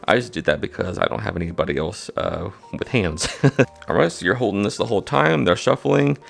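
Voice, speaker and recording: Gravelly man teaching card tricks. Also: on the low side, expressive, brisk, faint music behind. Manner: casual, repeats "all right?" to check in. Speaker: magic instructor.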